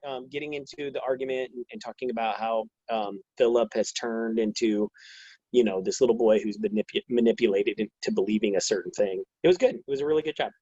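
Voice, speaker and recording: Male co-host, mid-pitched. Halting, thoughtful takes. Dull, dry audio. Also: mellow, slightly rough, no room sound. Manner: halting, reflective opinions. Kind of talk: casual episode review chat.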